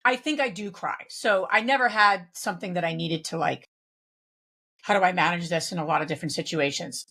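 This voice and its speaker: A woman's voice: on the low side, fairly quick, sharp tone. A woman guest in a conversational interview, speaking reflectively with frequent restarts and fillers. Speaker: guest, real estate investor.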